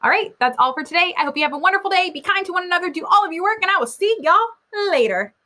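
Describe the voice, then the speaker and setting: A woman's voice: very high voice, expressive, racing, pushed and bright. A woman teacher giving a recorded reading lesson, explaining in an upbeat, encouraging way.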